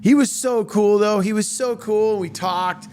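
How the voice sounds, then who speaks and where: A male stand-up comedian telling a story as an animated, self-mocking monologue, full of restarts and fillers. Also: sits high, unhurried, smooth, soft background music.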